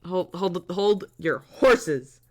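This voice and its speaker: A streamer giving live gameplay commentary, giddy and laughing constantly, with excited exclamations. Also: mid-range voice, very slow.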